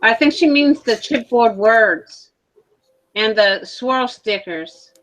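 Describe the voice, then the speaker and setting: A woman's voice: fairly high pitch, animated, slow pace, a bit bright, poor audio. Woman relaying viewer comments. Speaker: comment moderator. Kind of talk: casual chat.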